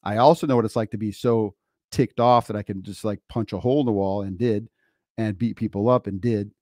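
Male co-host, low voice, earnest and emphatic, dry close mic. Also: steady tone, brisk, warm tone, dry recording. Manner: earnest, emphatic, lays out points in lists. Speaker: podcast co-host. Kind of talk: casual podcast chat.

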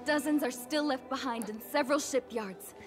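A woman's voice: high voice, moderate pace, lightly acted. An actress voicing an urgent female messenger in a video game, pleading for help. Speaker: game character calling for evacuation help. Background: game music.

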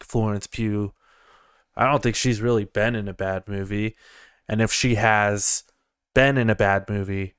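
A man's voice: on the low side, smooth, dry recording, clean studio sound. A young man giving a casual review from inside his parked car, rambling, chuckling and repeating words as he goes. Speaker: movie reviewer.

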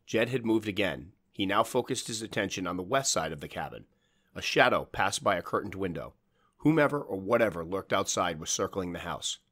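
A man narrating a horror story in a measured, dramatic storytelling manner. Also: deep voice, a bit bright.

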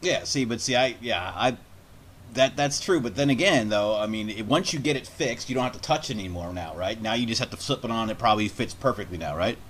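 A man co-hosting a podcast in casual chat, chiming in quickly and teasing his friend. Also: on the low side, animated, fairly bright tone, a little hiss or hum. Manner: quick interjections, teasing and opinionated. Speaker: podcast co-host.

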